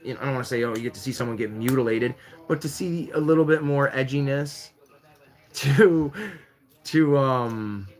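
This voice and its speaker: A man hosting a live-stream variety show, chatting casually and rambling with jokes while he fiddles with a Lego set. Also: moderate pace. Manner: rambling, jokey, lively swings in pitch while building Lego.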